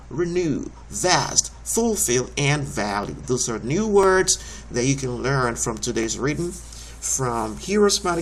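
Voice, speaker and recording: A man's voice: mid-range voice, a little hiss or hum. A man teaching a recorded homeschool lesson, explaining each step patiently and encouragingly.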